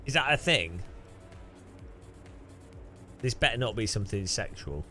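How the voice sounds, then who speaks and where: A male streamer chats loosely with his viewers, puzzled by their requests and laughing them off. His voice rises and falls a great deal as he talks. Soft music plays underneath. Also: lowish voice, very animated, a little slow. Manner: bemused, chatty, laughs often and swears. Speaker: streamer host. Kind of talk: casual livestream chat while racing.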